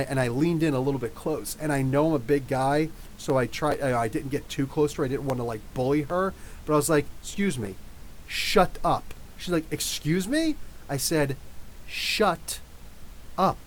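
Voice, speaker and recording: A man's voice: fairly high pitch, a little mellow, a little hiss or hum. A man in his thirties from New Jersey, hosting a casual live podcast Q&A, talking in a rambling, chatty way with many restarts. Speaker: podcast host.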